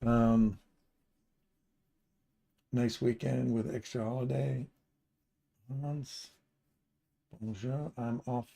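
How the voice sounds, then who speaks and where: Male trading-stream host from Canada, dark mellow voice with some fry, casual running commentary to chat. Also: medium pitch, fairly even intonation, slow, pauses often. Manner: chatty, pointing at charts and greeting viewers.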